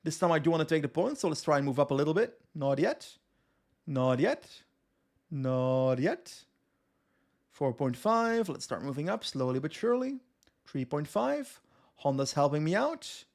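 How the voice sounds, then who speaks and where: A man's voice: fairly high pitch, very animated, brisk, vocal fry. A young man from West Flanders with a Flemish accent, giving casual live commentary on a cycling game and answering his chat. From West Flanders, Belgium. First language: Dutch (West Flemish). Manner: chatty, reads chat aloud and answers. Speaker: streamer.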